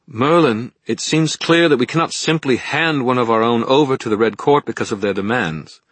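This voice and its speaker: A man reading a storybook, voicing a composed female senior wizard who speaks in an earnest, measured way. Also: medium pitch, a bit bright, dry recording, voice pushed up, close to an everyday voice.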